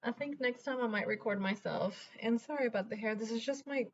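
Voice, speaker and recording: A woman's voice: fairly high pitch, fairly quick, a little hiss or hum. Young woman from venezuela doing a get ready with me, rambly and candid, slightly dull home audio. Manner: rambling, candid, laughs through hard memories. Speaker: vlogger. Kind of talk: get-ready-with-me chat while doing makeup.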